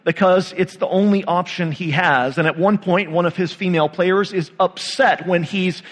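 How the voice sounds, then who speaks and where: A pastor delivers a sermon in a relaxed, conversational way, asking his listeners questions and pausing for effect. His voice sits a little high for a man and carries a long reverb from the church sanctuary around him. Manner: conversational, with dramatic pauses and rhetorical questions.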